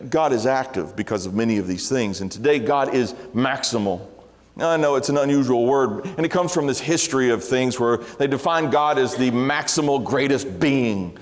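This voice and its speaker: Conversational preacher in a reverberant church. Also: male voice, a little high. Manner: earnest, conversational with self-deprecating humor. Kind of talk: sermon. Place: large church sanctuary. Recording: long hall reverb.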